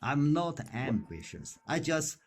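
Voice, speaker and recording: A man in his sixties, retired, speaking simple, halting non-native English with many fillers in a casual practice conversation. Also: fairly high pitch, sing-song, a little hiss or hum.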